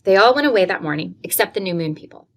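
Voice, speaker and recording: A woman reading a classic novel aloud, with steady, clear storytelling. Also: medium pitch, fast talker. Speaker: audiobook reader.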